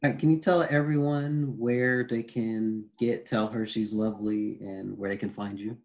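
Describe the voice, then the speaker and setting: A man hosting an interview in a low, gravelly voice. He hesitates a lot, fills gaps with ums and rambles a little before he gets to his questions. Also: steady tone, a little slow, a little mellow, low-quality recording. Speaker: interview host.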